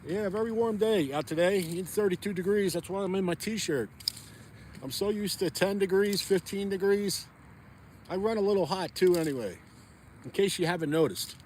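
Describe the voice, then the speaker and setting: Guy rambling to his viewers out on the ice, slightly high voice, faint outdoor noise. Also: moderate pace, a little mellow. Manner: chatty, rambling, talks to viewers while jigging. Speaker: ice fishing vlogger. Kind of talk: casual outdoor vlog chat. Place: outdoors on a frozen pond.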